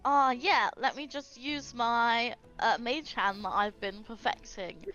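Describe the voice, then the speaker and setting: A woman's voice: on the high side, unhurried, muffled recording, faint music behind. A woman playing a tabletop game in casual, giggly chat. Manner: giggly, lively. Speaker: player.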